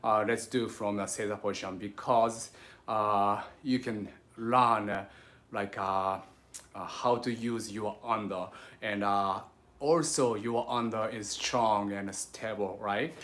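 A man with a Japanese accent leads a livestreamed sword lesson from home. He talks haltingly, with many fillers, coaching and reassuring his students. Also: lowish voice, fairly even intonation, fairly bright tone. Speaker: sword instructor.

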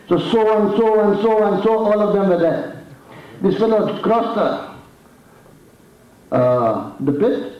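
A man with an Indian accent preaching a sermon, telling a story dramatically and raising his voice for the challenges. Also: sits high. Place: mosque hall. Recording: echoey hall, distant mic, dull sound.

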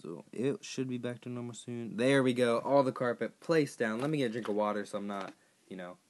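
A hoarse man who has partly lost his voice, chatting casually to viewers as he plays a game and sets tasks for them. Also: medium pitch, fairly quick, darkish tone. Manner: rambling, chatty, addressing viewers directly. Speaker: gaming YouTuber. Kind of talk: casual gameplay commentary.

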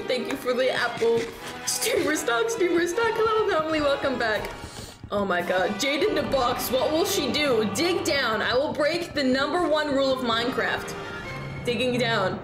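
A young woman streaming a game, chatting with her viewers in an excitable, exclamatory way with lots of swearing. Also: on the high side, echoey room. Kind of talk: casual live-stream gameplay commentary.

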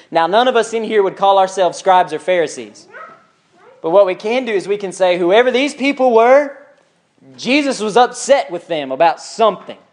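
A man teaching a church Bible class in a conversational way, asking the class questions and reading scripture aloud with emphasis. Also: high-pitched.

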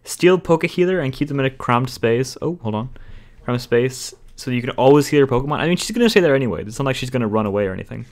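A man's voice: medium pitch, expressive, quick pace. A man streaming a game live and chatting casually with friends and viewers. He jokes and teases a lot, often breaking into laughter. His voice sits in an ordinary middle range. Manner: joking, teasing, laughs often. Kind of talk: casual gaming chat, reading out chat messages.

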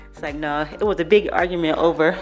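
A woman vlogger with a low voice and a brisk pace chats her way through a casual tour of a large vacation house, laughing often as she thinks aloud. Background music runs beneath her, and she eventually steps out onto a deck.

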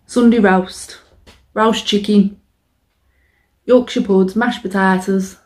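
A woman's voice: mid-range voice, steady tone, unhurried, a little mellow. A young woman chatting casually and swearing freely while eating on camera. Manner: chatty, sweary and self-mocking. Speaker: mukbang vlogger. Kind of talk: casual eating-show chat.

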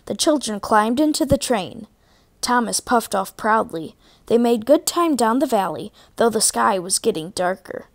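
A woman reading a children's storybook aloud in a clear, even manner. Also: fairly high pitch. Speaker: storybook reader.

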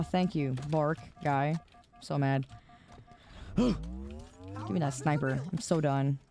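A tired woman streaming a game, chatting casually with her viewers in an exasperated, laughing manner on a close mic. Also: lowish voice. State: tired from staying up. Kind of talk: casual live-stream chat while gaming. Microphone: close desk mic.

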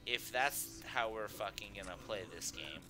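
A man livestreaming gameplay, swearing and trash-talking at the characters, sometimes yelling in anger. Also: on the low side, animated, moderate pace, over music. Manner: profane, trash-talking, bursts into angry yelling. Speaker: streamer. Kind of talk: live gameplay commentary.

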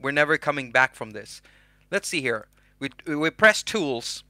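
A man hosting a casual software tutorial, chatty and self-mocking. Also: medium pitch, animated, a little slow, no room sound. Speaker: host.

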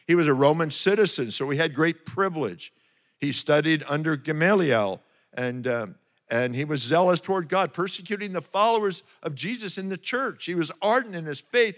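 A man's voice: fairly high pitch, a bit bright. A man preaching a sermon, praying fervently and then telling a Bible story, repeating words as he goes. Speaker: pastor. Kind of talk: sermon with prayer.

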